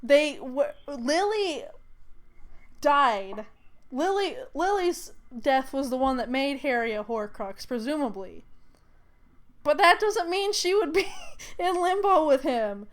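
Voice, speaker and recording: Woman, American, podcast co-host; high voice, slow delivery, giggly while reading comments. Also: animated. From United States. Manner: giggly, laughs often while talking. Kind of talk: casual chat, reading comments aloud.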